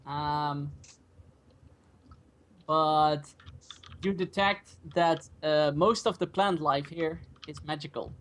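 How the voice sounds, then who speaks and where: A game master narrating a tabletop game over online voice chat, pausing often with ums and uhs. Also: medium pitch, a bit bright. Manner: hesitant, many ums and uhs. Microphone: online voice chat mic.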